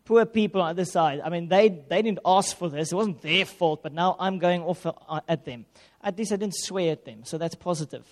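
A man, a pastor, telling a lively, self-mocking personal story in a sermon. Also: high voice, fairly quick, hardly any pauses. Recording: long reverb of a hall.

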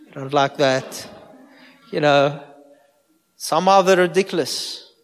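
A pastor gives an informal, conversational sermon, asking his listeners direct questions. His voice is a little high and unhurried, and the recording carries long hall reverb.

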